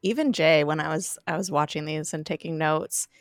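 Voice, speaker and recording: A woman's voice: deep voice, moderate pace, no room sound, studio quality. A woman guesting on a casual podcast, friendly and giggly as she chats.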